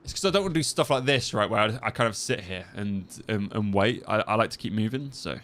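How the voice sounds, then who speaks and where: A man's voice: on the low side, lively intonation, fast, a bit bright. Chatty man streaming a game. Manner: chatty, rambling, repeats phrases. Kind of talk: casual gameplay commentary and chat.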